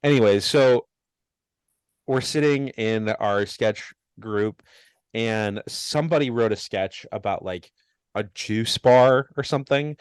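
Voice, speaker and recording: Speaking slowly in a fairly low, clean voice without echo, this young podcast co-host meanders through a story. He laughs a lot and pokes fun at himself along the way in easygoing conversation.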